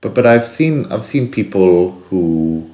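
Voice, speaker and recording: A man in a reflective, casual conversation, speaking earnestly and now and then acting out inner voices in sudden higher bursts. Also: lively intonation, slow, dark tone, roomy sound.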